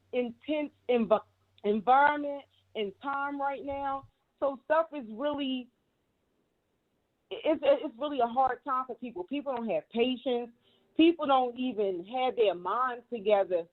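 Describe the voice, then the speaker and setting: A woman giving heated, emphatic commentary, repeating herself and cursing freely. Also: sits high. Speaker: guest commentator. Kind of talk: casual commentary. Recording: tinny phone line.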